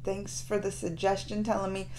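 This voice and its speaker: A woman's voice: mid-range voice, completely flat delivery, normal speed, darkish tone, a little hiss or hum. A woman hosting a reaction video, talking emotionally and exclaiming at what she watches. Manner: emotional, exclaiming, gasping and laughing. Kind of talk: casual reaction commentary.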